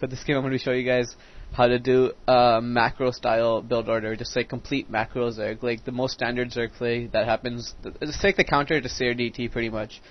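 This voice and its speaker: A teenage boy talks over his own strategy match, swearing freely and wandering off on side stories before snapping back to the game. His voice sits at an ordinary middle pitch. The recording sounds dull and lo-fi. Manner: rambling, profane, easily sidetracked. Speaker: game commentator. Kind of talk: casual gameplay commentary.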